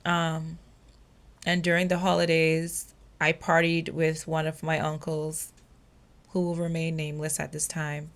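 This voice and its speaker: A young woman host telling a personal story on her podcast, emotional and halting, with many fillers. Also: low voice, completely flat delivery.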